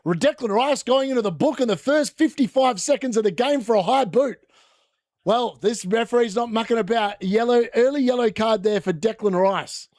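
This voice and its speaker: A man's voice: very high-pitched, moderate pace, a little mellow, no room sound, studio quality. A young man hosting a casual live football watchalong from a room at home, chatting and rambling as he reacts to the match. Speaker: watchalong host.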